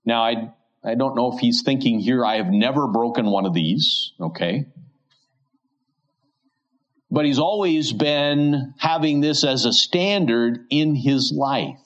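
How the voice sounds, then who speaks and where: A man delivering an expository sermon, slowing down as he reads scripture aloud and posing questions to his listeners. His voice sits at a middling pitch. The recording sounds a little muffled and lo-fi. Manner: reads scripture slowly and deliberately, asks rhetorical questions. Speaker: preacher.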